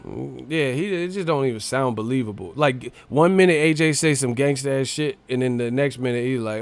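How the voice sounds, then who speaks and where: A man hosting a live stream, giving casual boxing commentary in a profane, animated, mocking rant. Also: medium pitch, moderate pace, dry recording. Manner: profane, animated, mocking ranting with frequent laughs.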